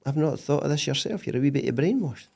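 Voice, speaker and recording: A man voicing his skeptical wife with a Scottish accent, raising his voice high to retell her teasing. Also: lively intonation, quick pace, gravelly, a little mellow. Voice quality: mock high pitched retelling.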